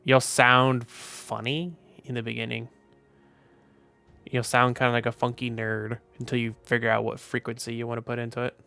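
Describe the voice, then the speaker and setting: A man's voice: mid-range voice, little pitch movement, moderate pace, gravelly, sharp tone, clear, resonant tone, faint music behind. A tired, sleepy man chatting casually on a live stream, rambling and offhand with the odd swear. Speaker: VTuber streamer.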